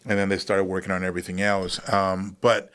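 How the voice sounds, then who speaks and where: Low-voiced man telling his story. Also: monotone, brisk, a bit bright, clear, resonant tone. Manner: candid, lots of fillers, acts out quoted dialogue. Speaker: podcast guest, wounded veteran. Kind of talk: casual storytelling interview.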